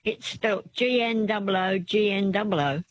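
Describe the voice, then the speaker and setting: A woman's voice: mid-range voice, moderate pace, dry recording. An Australian woman phones in to a radio quiz, answering hesitantly with short replies. The line sounds dull and dry. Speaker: caller.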